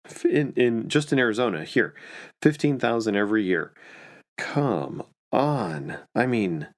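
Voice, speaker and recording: A man's voice: lowish voice, lively intonation, measured pace. A man who is an estate planning and probate attorney, telling a story casually with many fillers and restarts.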